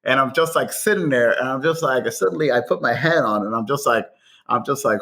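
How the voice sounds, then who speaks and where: A man from Guatemala, a chef guest on a podcast, telling anecdotes in an excitable way, acting out quoted voices and laughing often. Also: medium pitch, brisk. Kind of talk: animated anecdotal storytelling.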